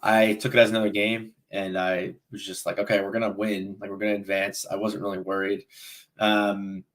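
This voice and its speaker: Young guy on a footie podcast, kinda low but bright voice, rambles and restarts a lot. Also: normal speed. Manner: rambling, restarts often, animated retelling. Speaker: podcast co-host. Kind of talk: casual chat.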